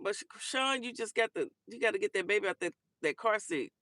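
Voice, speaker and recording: A woman's voice: mid-range voice, animated, fast talker, few pauses, bright, forceful tone, no echo, clean studio sound. A woman hosting a casual talk show, chatting and giving sassy commentary on viral clips, calling listeners honey and baby.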